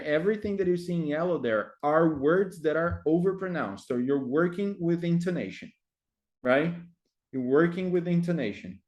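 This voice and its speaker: Male teacher trainer, somewhat high voice, halting delivery full of fillers. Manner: hesitant, many fillers, frequent tag "right?". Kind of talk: explaining classroom activities.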